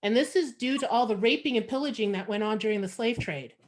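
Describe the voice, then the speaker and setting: A fast-talking woman with a somewhat high voice and a Canadian accent, from Montreal, performs a stand-up set over a video call. Her delivery is frank and sardonic, conversational and full of fillers.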